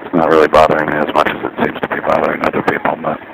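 A man's voice: extremely low pitch, completely flat delivery, rapid-fire, vocal fry. A man talking in a rambling, dry, self-deprecating way, recorded outdoors by a parking lot with traffic noise behind. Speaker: vlogger. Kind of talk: rambling casual monologue.

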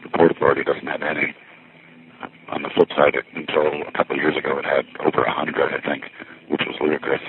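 A man's voice: extremely low pitch, monotone, quick pace, creaky, a little hiss or hum. A man musing and meandering as he walks through a busy city, recording himself on a phone and a little winded. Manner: musing, meandering, self-interrupting. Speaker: vlogger. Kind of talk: rambling walking vlog. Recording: tinny phone-like recording with faint music.

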